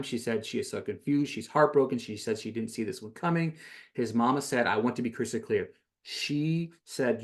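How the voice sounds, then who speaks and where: A man hosting a podcast, casually recapping a reality show episode, rambling with many fillers and self-corrections, his voice rising when he gives his opinion. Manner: gets louder and higher when giving his opinion.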